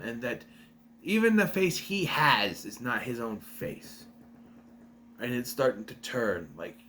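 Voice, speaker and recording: A man's voice: mid-range voice, a bit bright, a little hiss or hum. A young man giving a casual, rambling review, recapping a plot and correcting himself as he goes. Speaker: video reviewer.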